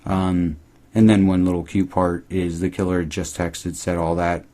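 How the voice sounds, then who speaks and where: A man casually recapping a TV episode, rambling and swearing, quoting characters in high mocking voices. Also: little pitch movement, moderate pace, a little mellow. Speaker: podcast host recapping a TV episode. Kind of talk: casual chat.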